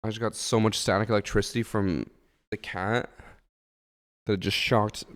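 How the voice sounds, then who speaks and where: A man's voice: lowish voice, fairly even intonation, moderate pace, no echo, studio quality. A man chatting casually on a headset mic while streaming a game from home, rambling and swearing now and then. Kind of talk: casual gaming stream chat. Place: home gaming setup. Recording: game gunfire noise behind voice.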